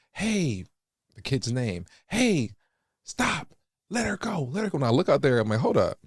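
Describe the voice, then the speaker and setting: Low gravelly man telling a story. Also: no room sound, studio quality. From Los Angeles. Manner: animated storyteller, acts out quotes loudly. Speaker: host. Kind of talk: casual storytelling chat.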